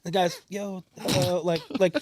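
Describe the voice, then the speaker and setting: Animated, brash storytelling man from New Jersey. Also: high-pitched, moderate pace, no room sound. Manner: animated storyteller, swears freely, acts out the people in his stories. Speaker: podcast host. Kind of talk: casual chat, storytelling.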